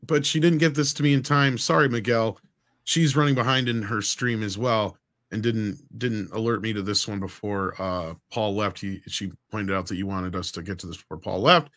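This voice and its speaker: A man's voice: on the low side, normal speed, no echo. Emphatic man hosting a live stream. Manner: emphatic, argumentative, animated. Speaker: podcast host reading superchats. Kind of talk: casual live-stream commentary.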